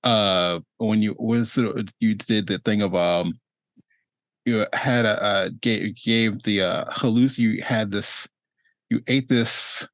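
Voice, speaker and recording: A man's voice: fairly low pitch, steady tone, slow, no room sound. A male host chatting casually on a video call, rambling and restarting his sentences and laughing often. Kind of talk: casual chat.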